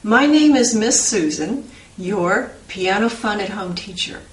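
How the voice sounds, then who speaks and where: A woman teaching a children's piano lesson in an animated, sing-song way, copying bird and dog sounds. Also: medium pitch, unhurried, slight background noise. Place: room with a piano. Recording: echoey room, mic at a distance. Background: piano playing.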